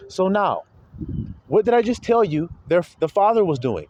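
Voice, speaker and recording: A man's voice: high-pitched, big pitch swings, moderate pace, darkish tone, no room sound, lo-fi sound. A man preaching a sermon, pressing his listeners with rhetorical questions and calling them his little flock.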